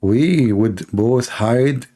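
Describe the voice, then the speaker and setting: A man's voice: medium pitch, drawn-out words, warm tone. Mocking male commentator, non-native English. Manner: mocking, sarcastic. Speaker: online commentator. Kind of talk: screen-reading commentary.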